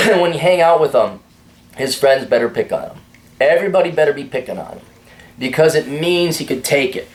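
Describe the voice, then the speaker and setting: A man's voice: on the high side, expressive, moderate pace. A man hosting a casual opinion monologue in a blunt, crude and sardonic way. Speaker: host.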